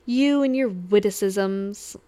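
An oily, arrogant male vampire who draws out his words in a slow, mocking croon, played by a woman narrator. The voice stays smooth and clear even at its sleaziest. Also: mid-range voice, natural voice. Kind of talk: audiobook reading.

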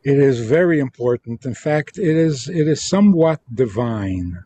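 A man who is a religious teacher, answering interview questions in a deliberate way and acting out quoted lines in different tones. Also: medium pitch, lively intonation, dark tone. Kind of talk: interview guest explaining teachings.

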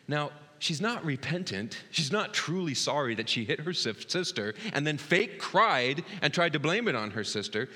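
A man in his thirties preaching a sermon as pastor, earnest, dropping to a hush and then rising loud and excited. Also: mid-range voice, normal speed, few pauses. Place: church sanctuary. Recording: long hall reverb.

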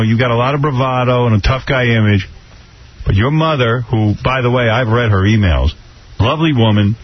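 A man's voice: medium pitch, slight background noise. A man hosting a live radio talk show, bantering and teasing in a mock-serious way. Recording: dull radio broadcast with faint music.

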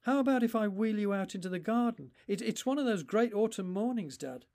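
A man voicing a gentle, coaxing grown son. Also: high voice, expressive, fairly quick, pitched above the performer's own voice. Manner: soft, reassuring, coaxing. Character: grown son gently comforting his frail father.

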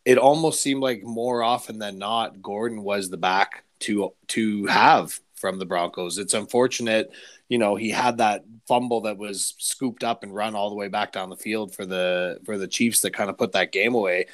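A man's voice: fairly low pitch, fairly even intonation, normal speed. A man co-hosting a podcast, giving thoughtful, rambling football analysis in a casual way. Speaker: podcast co-host. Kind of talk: casual sports chat.

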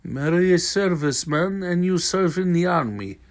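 A man's voice: high-pitched, animated, moderate pace, pitched above the performer's own voice. A man voicing a grim, vengeful Soviet woman tank driver in a put-on Russian accent. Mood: declaring.

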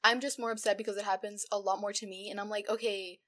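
A woman's voice: mid-range voice, level tone, a bit bright. A young woman co-hosting a podcast, chatting casually and ranting heatedly, swearing freely. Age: young adult. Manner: heated, swears freely, quick indignant rants. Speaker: podcast co-host. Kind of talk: casual chat.

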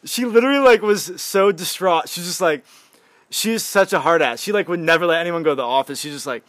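A young man chatting casually on a podcast, telling a story in an animated way, laughing and swearing freely. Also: sits high, a little fast, no echo.

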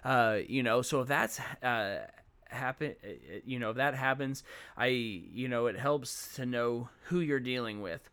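A man's voice: medium pitch, measured pace, fairly bright tone, clean tone. A middle-aged man sharing classroom management tips for teaching children, talking casually and walking through examples. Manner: conversational, explains with examples and acts out classroom exchanges.

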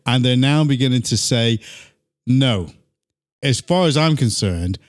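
A man's voice: medium pitch, animated, measured pace. A man hosting a political talk show, earnest and indignant, reading headlines and inviting callers in. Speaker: host.

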